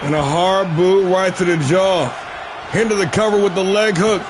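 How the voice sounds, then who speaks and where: A man with a high voice calls a wrestling video game live on his stream. He shouts the big moves and slips into casual, profane asides to his viewers. Noticeable background noise sits under his voice. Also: moderate pace, a crowd in the background. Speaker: stream host and play-by-play commentator.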